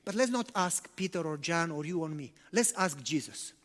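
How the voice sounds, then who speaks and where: A man's voice: fairly high pitch, expressive, normal speed, a bit bright. A male pastor preaching in a conversational way, with rhetorical questions and non-native English phrasing. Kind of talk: sermon. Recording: long church-hall reverb.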